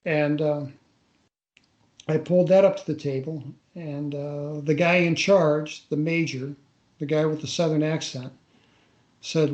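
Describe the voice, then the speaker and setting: An older man recounting a personal story in a radio interview, in a halting way that often repeats words as he recalls. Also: fairly high pitch, steady tone, a little mellow, lo-fi sound. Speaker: interview guest. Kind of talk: casual first-person storytelling. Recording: roomy echo on a radio interview.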